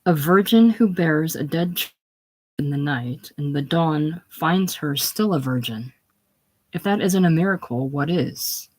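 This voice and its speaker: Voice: medium pitch, unhurried, close to an everyday voice. A reader voicing a proud, bitter young farm woman in a casual play reading, speaking hard and grim. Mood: brooding. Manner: hard and grim, with soft crooning moments.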